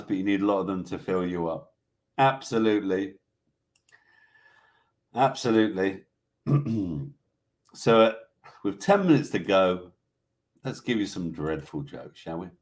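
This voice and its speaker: A man's voice: lowish voice, darkish tone. A British man hosting a casual live online show, reading out animal facts and viewer comments in a chatty, joking way. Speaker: host. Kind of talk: casual live-stream chat.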